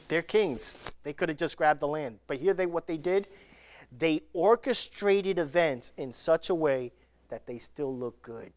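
A preacher giving a sermon, retelling scripture stories in an animated way and acting out the people in them. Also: mid-range voice, dry recording. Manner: animated storytelling, acting out the scenes.

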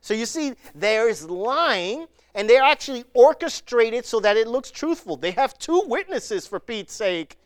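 A preacher giving a sermon, retelling scripture stories in an animated way and acting out the people in them. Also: mid-range voice, unhurried, few pauses, no echo, clean studio sound. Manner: animated storytelling, acting out the scenes.

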